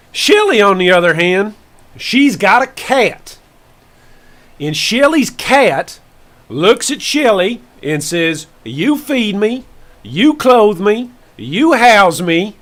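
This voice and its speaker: A man's voice: sits high, a bit bright, exaggerated voice. A man putting on the voice of a rambling old farmer with a Southern country accent, telling folksy stories on a game stream. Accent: put-on Southern US rural. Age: older. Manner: drawling, rambling folksy storytelling with slow emphatic pauses. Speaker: gaming streamer host in character. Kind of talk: comic character bit on a game stream.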